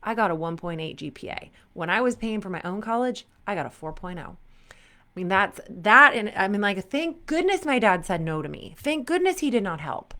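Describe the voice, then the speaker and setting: A woman in her thirties, a performance coach talking candidly to sport parents and telling personal stories with lively quoted asides. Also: medium pitch.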